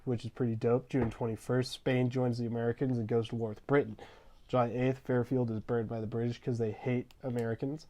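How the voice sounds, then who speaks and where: A young man giving a jokey, slangy history rundown over gameplay, with deadpan asides. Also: mid-range voice.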